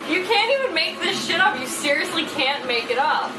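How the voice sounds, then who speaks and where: A woman's voice: high-pitched, sing-song, normal speed, music in the background. A woman speaking brashly and profanely in a sassy way.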